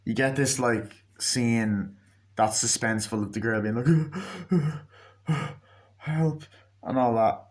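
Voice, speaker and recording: Man, casual reviewer; rambling, profane, mid-pitched, jumps into quick character impressions. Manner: rambling, profane, acts out scenes in quick mimicked voices. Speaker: movie reviewer. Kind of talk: casual spoken movie review.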